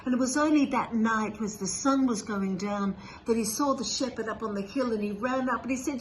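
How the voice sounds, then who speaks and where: A woman storyteller telling a tale during a religious service in a gentle, expressive way. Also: on the high side, fairly quick, hardly any pauses, slight background noise.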